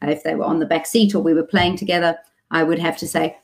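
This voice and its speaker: Woman, Australian accent, speech therapist, informative talk to parents, lowish voice, clear practical explaining. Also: steady tone, fast talker.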